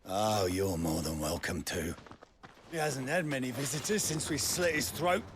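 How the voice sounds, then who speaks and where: A man's voice: medium pitch, normal speed, background noise, natural voice. A man voicing a menacing soldier who robs travelers in a video game, speaking with a mocking, threatening sneer. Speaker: game character.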